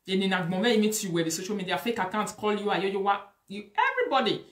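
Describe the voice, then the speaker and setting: A woman's voice: mid-range voice, very animated, quick pace, echoey room. Scolding woman with Nigerian Pidgin accent. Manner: preachy, lecturing, mixes Pidgin and Yoruba-like phrases. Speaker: online commentator. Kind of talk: scolding social media commentary.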